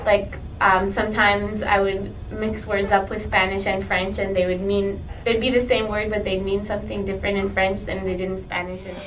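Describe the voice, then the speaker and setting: A woman's voice: medium pitch, flat delivery, normal speed, few pauses. A young woman from Quebec telling about her school years in a casual, hesitant way with many fillers. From Quebec, Canada. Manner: hesitant, many ums and uhs. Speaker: interviewee. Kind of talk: casual personal account. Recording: distant mic with faint background noise.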